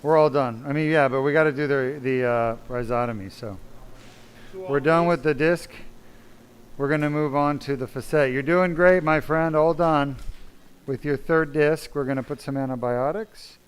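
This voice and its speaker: A spine surgeon narrates a live-streamed operation from the operating room, chatting casually with viewers and his team as he works. His voice is clean and medium-pitched at a normal speed, and his manner is talkative and self-deprecating.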